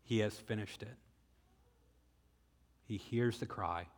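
A man with a Southern US accent preaching a sermon, retelling the story dramatically and slowing down for emphasis. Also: fairly low pitch. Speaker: pastor. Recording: echoey hall with long reverb.

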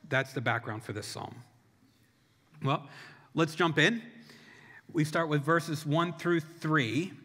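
A man's voice: on the high side, bright, forceful tone. A middle-aged man preaching a sermon, telling the story in a conversational way with touches of humor. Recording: long reverb of a large hall.

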